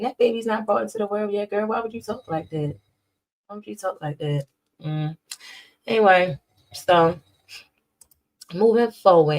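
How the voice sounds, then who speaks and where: A woman hosting a celebrity gossip commentary, sassy and animated as she reacts. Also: medium pitch. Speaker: host.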